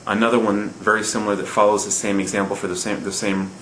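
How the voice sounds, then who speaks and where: A man's voice: fairly low pitch, little pitch movement, fast talker, fairly bright tone, a little hiss or hum. Patient male Spanish teacher, echoey room. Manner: patient, repeats rules and checks with "okay?". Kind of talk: recorded classroom lesson.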